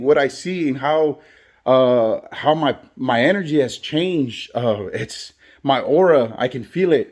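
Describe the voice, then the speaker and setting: An adult barber and father with kids talks earnestly in a motivational vlog, repeating phrases for emphasis. His voice is mid-range with a darkish tone.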